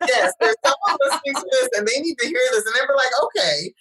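Animated woman telling stories. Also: sits high, fast talker, poor audio. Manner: animated storyteller, acts out quoted voices. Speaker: guest speaker. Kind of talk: casual chat.

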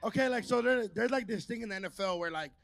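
Brief: LA podcast co-host, live stage, rowdy and loud, gravelly high voice. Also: male voice, fast. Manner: loud, hyped, shouting to the crowd. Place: large concert venue before a live audience. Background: crowd.

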